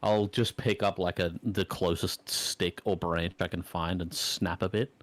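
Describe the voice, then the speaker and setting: A man's voice: sits low, steady tone, unhurried, no echo. Guy at a tabletop game, plain matter-of-fact, very dry mic. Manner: matter-of-fact, describes actions. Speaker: player.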